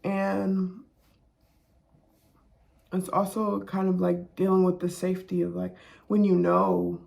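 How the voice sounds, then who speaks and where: Woman, card reader; slow, gravelly, halting delivery. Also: fairly low pitch, monotone. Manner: soft, halting, many fillers. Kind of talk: reflective spiritual monologue.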